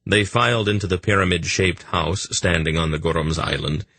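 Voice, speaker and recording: A man reading a fantasy audiobook in a measured, even storytelling manner. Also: deep voice, no room sound. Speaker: audiobook narrator. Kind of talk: scripted fantasy narration.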